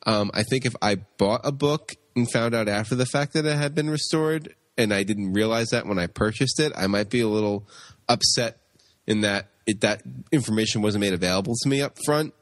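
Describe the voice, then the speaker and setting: A man's voice: fairly low pitch, brisk, no echo. A man from Long Island co-hosting a comics podcast, chatting casually and often stumbling over repeated words. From Long Island, New York. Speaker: podcast co-host. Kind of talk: casual chat.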